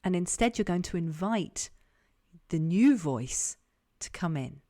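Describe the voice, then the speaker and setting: A woman leadership coach guiding an online group session, calm and encouraging, repeating her key questions. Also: on the low side, measured pace. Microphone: online call.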